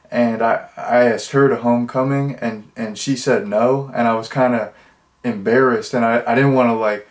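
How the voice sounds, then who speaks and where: A young man talks through a film review in a loose, rambling way, clearly amused by what he describes. His voice sits at an ordinary middle pitch for a man, and his delivery is chatty and unhurried. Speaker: movie reviewer. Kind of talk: casual movie review.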